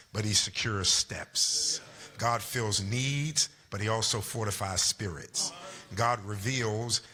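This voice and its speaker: A man preaching a sermon as pastor, with rhythmic call-and-response that leads the congregation and builds to a sung, shouted climax. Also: fairly low pitch. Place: church sanctuary.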